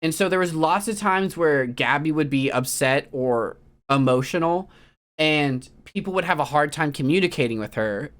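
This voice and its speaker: A casual streamer talking at length in an easy, rambling way, full of "um" and "like." The voice sits at a middling pitch, and the talk drifts from musing to sudden loud, animated bursts. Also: normal speed. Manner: rambling, many fillers like "um" and "like". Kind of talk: casual chat.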